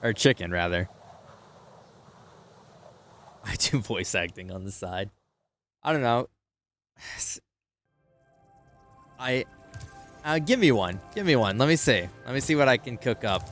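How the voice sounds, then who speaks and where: A man's voice: mid-range voice, expressive, slow, long pauses, a bit bright, soft background music. A man streaming a video game, chatting casually with viewers. He giggles often and pokes fun at himself. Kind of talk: casual gameplay commentary.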